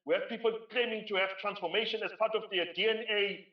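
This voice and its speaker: South African male keynote speaker, emphatic, pitched a bit high, roomy far-off lo-fi recording. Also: fairly even intonation, quick pace. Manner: emphatic, repeats phrases for stress. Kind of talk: conference keynote speech. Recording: roomy, distant, dull lo-fi sound.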